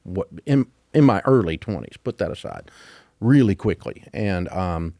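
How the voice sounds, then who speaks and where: A man in his sixties from the Deep South with a Southern American accent, telling stories as a guest in a casual interview. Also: big pitch swings, a little slow, creaky, warm tone, no room sound, clean studio sound. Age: 60s. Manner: storytelling, folksy, chuckling. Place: office at his headquarters.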